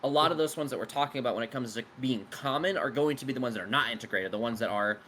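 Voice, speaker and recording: A man at a mid pitch with a bright, forceful voice, talking as a game master who answers his players' questions about his world. He rambles loosely, piles on fillers and drops casual swears. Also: rapid-fire, slight background noise.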